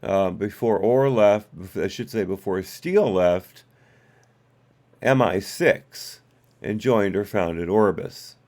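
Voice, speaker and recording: A man's voice: fairly low pitch, takes it slowly, a little mellow. A man hosting a live stream, reading documents aloud and breaking off for wry asides and corrections to his chat.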